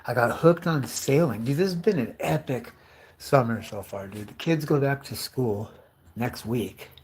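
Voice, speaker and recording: A man's voice: medium pitch, a little slow. Profane, rambling fifty-year-old man. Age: 50s. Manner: profane, chatty, full of rhetorical questions; calls listeners dude and bro. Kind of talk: rambling comic monologue.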